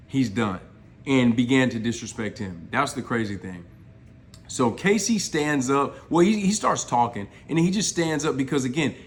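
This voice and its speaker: A man giving a casual, blunt recap of a reality show, exasperated and full of slang. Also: medium pitch. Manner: exasperated, blunt, uses slang like y'all and bro.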